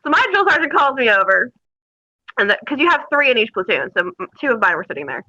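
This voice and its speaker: A woman's voice: on the high side, quick pace, lo-fi sound. A woman guest telling crude, funny stories in a casual interview, laughing as she goes. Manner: animated, laughing, crude humor.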